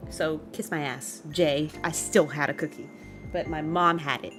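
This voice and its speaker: A woman's voice: low voice, moderate pace, music in the background. Exasperated young woman venting to chat. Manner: exasperated, animated, laughing while venting. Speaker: streamer. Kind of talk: casual storytelling rant to chat.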